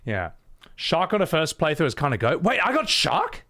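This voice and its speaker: A male game streamer rambles through live reactions, laughing often and swearing freely. His voice sits a bit high and swings with lively, animated inflection. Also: moderate pace.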